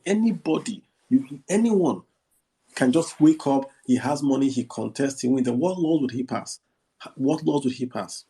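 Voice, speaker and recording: A man's voice: fairly high pitch, creaky, dark tone, slightly rough. A Nigerian man hosting a casual audio discussion, blunt and argumentative, firing off rhetorical questions. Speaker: host.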